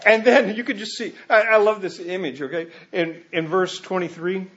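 Animated, high-voiced male pastor. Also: normal speed. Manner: animated, conversational preaching with asides. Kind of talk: sermon. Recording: muffled lo-fi recording.

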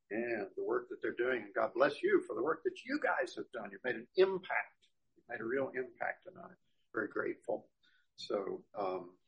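A middle-aged man leads a church service as its pastor, with a gravelly edge in his voice. He talks to the congregation in a loose, chatty way, full of ums and asides. His tone is husky rather than clear. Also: medium pitch, muffled recording. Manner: casual, chatty, with many fillers. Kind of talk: sermon.

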